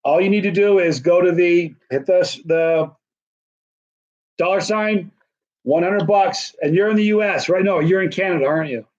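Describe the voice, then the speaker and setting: Man, livestream host, slightly high-pitched, rambling sales talk, dull recording. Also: normal speed, darkish tone. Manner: rambling, chatty salesman patter. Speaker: livestream host selling signed hot sauce. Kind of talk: casual livestream chat. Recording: dull, muffled lo-fi sound.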